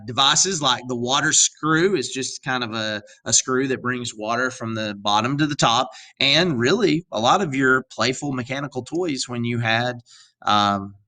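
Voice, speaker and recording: A male teacher giving a recorded video lecture, animated and jokey, with asides to his students and a stretch in an odd put-on accent. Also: medium pitch. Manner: drops into an odd accent for a while.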